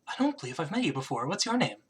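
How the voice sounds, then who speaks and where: A man voicing a kind, calm queen in her thirties, speaking softly and gently. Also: a little high, racing, slight background noise. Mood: reassuring. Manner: soft-spoken, gentle.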